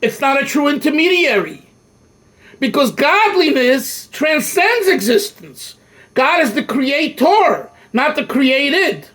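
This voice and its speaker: An older man leads a Torah class in a voice that sits unusually high for a man. He speaks emphatically and with lots of animation, often breaking off and restarting a phrase before pressing his point. He talks like a teacher working through a text with his students. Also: sing-song, slow, fairly bright tone. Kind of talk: Torah lecture.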